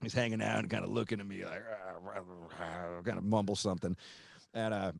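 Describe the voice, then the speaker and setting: A man's voice: lowish voice, quick pace, vocal fry, dry recording. A man hosting a podcast, telling a road story in a loose, profane way and acting out the voices of the people in it. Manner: profane, animated, acts out quoted voices. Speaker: podcast host and guitarist. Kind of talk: casual storytelling.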